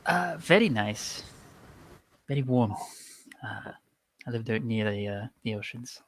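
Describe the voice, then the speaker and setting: A player voicing a young wizard student from Greece with a put-on Greek accent, speaking slowly and hesitantly. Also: mid-range voice, lively intonation, natural voice. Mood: shy.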